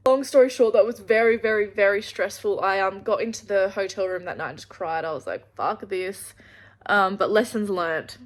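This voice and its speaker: At normal speed and in a mid-range voice, an Australian woman vlogs to the camera about her travels. The story rambles, she curses without restraint, and she often restarts mid-sentence.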